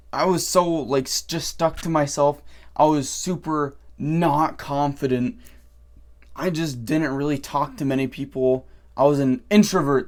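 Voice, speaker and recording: A young man vlogging from his bedroom with brash, profane advice, calling the listener "bro" and swinging between mumbling and yelling. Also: fairly high pitch. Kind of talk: ranting motivational vlog.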